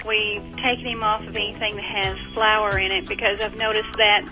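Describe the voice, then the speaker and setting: A woman's voice: medium pitch, level tone, normal speed, music in the background, low-quality recording. A woman calling in over the phone, asking a question a bit hesitantly. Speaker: caller.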